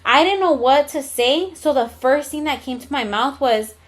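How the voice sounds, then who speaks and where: A woman's voice: sits high, lively intonation, moderate pace. A young adult woman co-hosting a podcast, telling a personal story in casual chat. She speaks candidly, swears freely and drops in Spanish slang. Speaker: podcast co-host.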